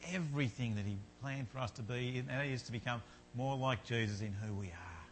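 A man's voice: mid-range voice, fairly quick, a little hiss or hum. A man preaching a sermon in an earnest manner, building to fervent repetition.

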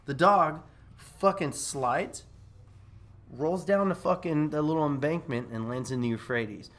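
A man casually telling a war story on a podcast, profane and animated, laughing as he goes. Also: on the high side, a little slow. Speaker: veteran storyteller.

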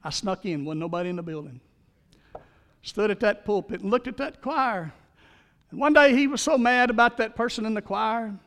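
Male pastor with a high voice, preaching with call-and-response in a large sanctuary, long reverb. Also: expressive, normal speed, a bit bright. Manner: storytelling with call-and-response, leading the congregation in repeated phrases. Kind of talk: sermon.

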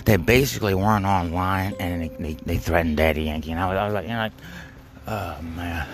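A man rambling through an absurd monologue, halting and stammering, full of fillers and offhand swearing. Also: sits low. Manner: halting, stammering, repeats words, heavy fillers; profane, offhand. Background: music.

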